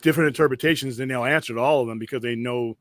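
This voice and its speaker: A man's voice: medium pitch, racing, no room sound. A man on a podcast panel, rambling through explanations in casual chat.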